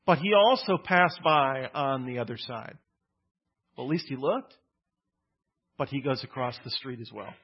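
A man's voice: mid-range voice, normal speed, long pauses, slightly rough, dull audio. A man preaching a conversational, emphatic sermon, often repeating words as he builds a point. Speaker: pastor.

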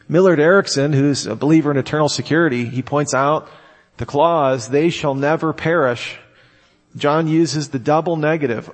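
Speaking in a big room, a man whose voice sits on the high side gives a Bible-teaching sermon. Verse by verse, he reads the scripture out loud and then makes his argument about it.

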